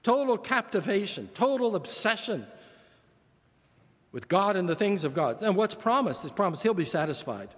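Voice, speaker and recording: An older male pastor delivers a sermon in an earnest, emphatic way, stacking repeated phrases to drive his point home. His voice sits high for a man, and the church sanctuary leaves a long reverb trailing behind each phrase. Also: very animated, moderate pace, a bit bright.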